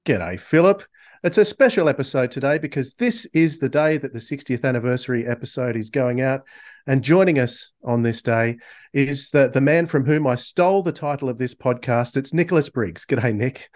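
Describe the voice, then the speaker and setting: A man hosts a casual podcast chat at a mid pitch. He keeps it friendly and loose and often backs up to restart a phrase. His delivery stays relaxed and conversational. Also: normal speed. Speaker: podcast host.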